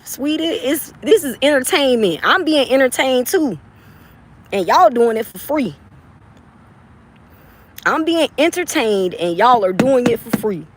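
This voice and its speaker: A woman's voice: high voice, animated, a little slow, long pauses, a little hiss or hum. A woman from the Southern US chatting casually with her viewers, brash and playful, laughing often and swearing freely. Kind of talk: casual livestream chat.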